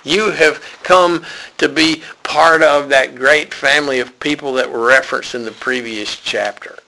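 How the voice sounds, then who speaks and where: A man's voice: mid-range voice, unhurried, pushed and bright, low-quality recording. A man preaching a sermon in a church, folksy and conversational.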